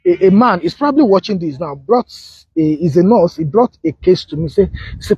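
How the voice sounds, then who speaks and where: Animated pastor with a husky voice. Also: male voice, fast, no echo, lo-fi sound. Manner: animated, storytelling with quoted dialogue, sudden high exclamations. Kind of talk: sermon on marriage.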